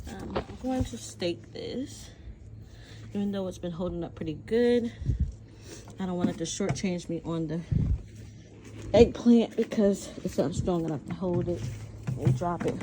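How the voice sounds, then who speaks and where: A woman from New Jersey giving a chatty, excitable tour of her garden on a phone camera. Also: fairly low pitch, unhurried, long pauses, background noise. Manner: chatty, excitable, says y'all often. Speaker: vlogger. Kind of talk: casual garden tour vlog. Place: outdoor garden.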